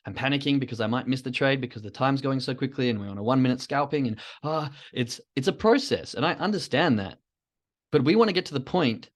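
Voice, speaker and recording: Male solo podcaster, mid-range voice, loose reflective ramble. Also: medium pitch. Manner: rambling, reflective, self-talk asides. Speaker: podcast host. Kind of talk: casual solo podcast monologue.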